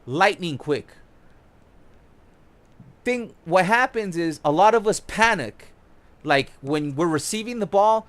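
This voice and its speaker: A young man giving casual, excited tutorial commentary on his own gameplay, swearing now and then as he demonstrates moves. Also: sits high, measured pace. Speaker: gaming YouTuber.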